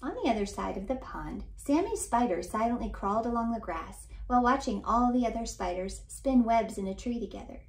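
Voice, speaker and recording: A woman, a children's author and librarian, reading a storybook aloud in a warm, expressive storytelling voice. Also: a little high, brisk, hardly any pauses.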